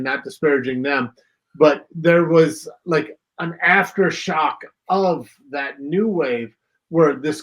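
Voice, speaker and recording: A man co-hosting a casual podcast, his voice sitting a bit high. He muses in long, winding sentences, piling up fillers and softening hedges as he thinks out loud. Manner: rambling, reflective, hedging with fillers. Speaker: podcast co-host. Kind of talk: casual chat.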